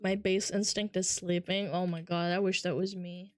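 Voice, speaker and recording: A woman's voice: lowish voice, flat delivery, normal speed, faint music behind. A woman streamer chatting casually with her live chat, brash and swearing freely as she reads messages aloud.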